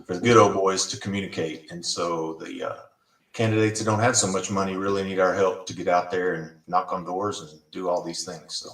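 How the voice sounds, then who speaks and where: A man's voice: deep voice, fairly even intonation, a little fast, a bit bright. A man on an online meeting who talks in a rambling, hesitant way, filling gaps with "you know.". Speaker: deputy director of communications. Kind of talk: casual video-call meeting. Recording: distant, echoey video-call audio.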